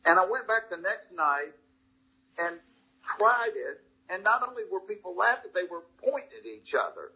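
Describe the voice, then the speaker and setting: A man's voice: high voice, very animated, normal speed, bright, forceful tone, slightly rough. A middle-aged man with a thick Southern US accent, telling a story as an interview guest in a folksy, good-natured way. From Georgia, US South. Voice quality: thick drawl. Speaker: comedian guest. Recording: slightly dull lo-fi audio.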